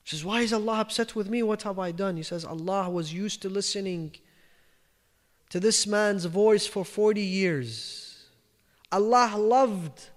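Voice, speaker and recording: A man giving a storytelling religious lecture, emphatic and repetitive, dropping his voice low for quoted lines. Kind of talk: storytelling sermon. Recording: reverberant lecture hall.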